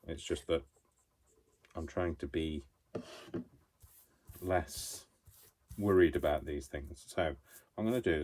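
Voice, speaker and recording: Deep-voiced rambling man crafting. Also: a little mellow. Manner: rambling, self-mocking, talks to himself while working. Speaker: craft vlogger. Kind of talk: chatty crafting vlog. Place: craft room at home.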